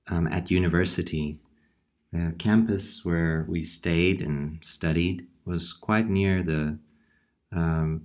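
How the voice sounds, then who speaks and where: Deep-voiced male host, calm and reflective. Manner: unhurried reflective storytelling. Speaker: podcast host. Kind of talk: horror comics podcast monologue.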